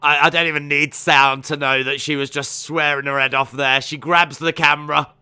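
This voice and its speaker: A man hosting a live watch-along stream, reacting to fights with excited shouts and exclamations. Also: a little high, normal speed, clear, resonant tone.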